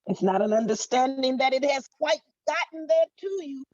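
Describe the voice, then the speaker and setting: A woman's voice: sits high, lively intonation, normal speed, a little mellow, no echo. A middle-aged woman life coach giving a motivational monologue, emphatic and blunt, repeating her phrases and swearing freely. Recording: dull dry lo-fi recording.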